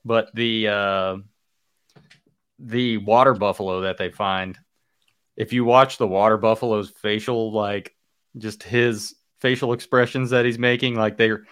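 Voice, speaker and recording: A man's voice: fairly low pitch, fairly even intonation, a little slow, a bit bright, clear, resonant tone. A man co-hosting a casual movie podcast, telling anecdotes in an easygoing way with hesitant restarts. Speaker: podcast co-host. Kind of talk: casual movie-review chat.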